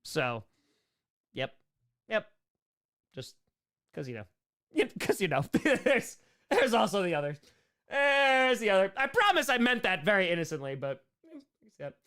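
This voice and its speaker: A man's voice: high-pitched, sing-song, pushed and bright, clean tone. A young man hosting a casual live-stream Q&A, reading chat questions and rambling through jokes and asides. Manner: joking, rambling, quick asides.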